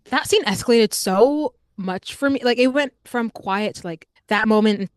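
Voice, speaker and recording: A young adult woman co-hosting a podcast, reviewing a film in casual, animated chat full of filler words. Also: medium pitch, a little fast, few pauses, clear, resonant tone, no echo, studio quality. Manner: chatty, animated, frequent "like" fillers. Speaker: podcast co-host.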